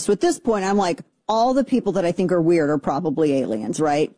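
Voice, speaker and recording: Sarcastic host riffing away, mellow dark voice, super dry sound. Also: medium pitch, brisk, dry recording. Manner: animated and sarcastic, with playful asides. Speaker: show host. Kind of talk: casual political commentary.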